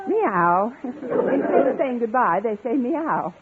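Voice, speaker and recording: A quick-witted schoolteacher who jokes her way out of trouble, her voice leaping up and down with glee. It is a 1950s radio comedy heard through a thin, tinny broadcast line. A studio audience laughs in the background over a faint hiss. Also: fairly high pitch, big pitch swings, crowd noise. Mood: playful. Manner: wisecracking, playful. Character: wisecracking woman English teacher, quick-witted.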